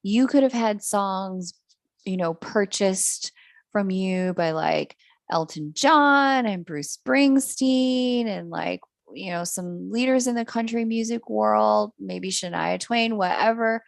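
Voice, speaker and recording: A woman's voice: medium pitch, slow pace, gravelly, dry recording, studio quality. A woman giving a live-streamed astrology reading, candid and self-mocking, who laughs often and swears casually. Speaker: astrology reader.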